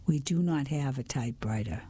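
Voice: medium pitch, normal speed, mellow, breathy edge, lightly acted. A reader voicing a fussy, apologetic male antique dealer in a whispered role-play storybook reading. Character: flustered older male antique shop owner.

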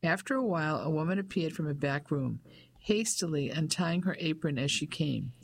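A reader narrating a period mystery novel as an audiobook in an even, steady way. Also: mid-range voice, normal speed, vocal fry.

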